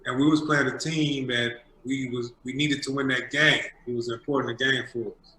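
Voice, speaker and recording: A man's voice: medium pitch, normal speed, slight background noise. Emphatic man telling a story. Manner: animated, emphatic. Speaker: former pro basketball player. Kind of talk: casual storytelling. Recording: echoey room.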